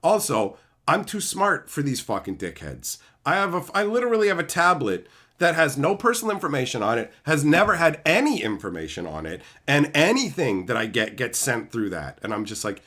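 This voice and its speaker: Animated ranting Canadian man. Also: medium pitch, a little fast. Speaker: YouTuber and streamer. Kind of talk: profane livestream rant.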